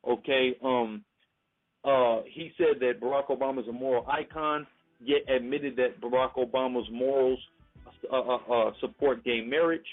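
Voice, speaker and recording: Indignant young man on a phone line. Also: mid-range voice. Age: young adult. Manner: indignant rebuttal, many "um" fillers. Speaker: debater. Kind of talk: heated online debate. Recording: phone-like line, faint music.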